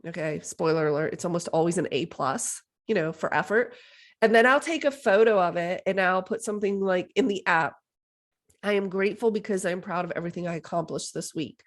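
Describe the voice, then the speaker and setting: A woman's voice: fairly low pitch, brisk. A woman in her thirties hosting a solo podcast, chatty and enthusiastic, with lots of "like" and "you know". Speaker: podcast host. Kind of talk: casual solo podcast talk.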